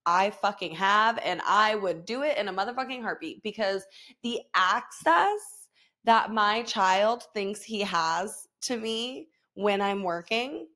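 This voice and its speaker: A woman's voice: mid-range voice, fairly bright tone. A woman, hosting a casual solo podcast, swearing freely, laughing often and mimicking her son. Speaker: podcast host.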